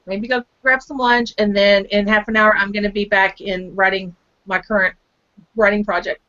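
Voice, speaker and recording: A woman's voice: medium pitch, level tone, moderate pace, pushed and bright. A woman author chatting on a video call, bubbly and self-deprecating, laughing easily. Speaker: guest author. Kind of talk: casual online chat. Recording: slightly muffled video call audio.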